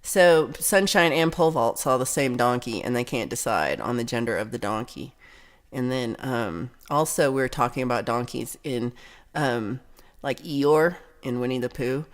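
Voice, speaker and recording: A woman's voice: rumbling low, expressive, normal speed. A woman hosting a casual livestream chat, reading viewer comments aloud and reacting with giggles and chatty asides. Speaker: livestream host.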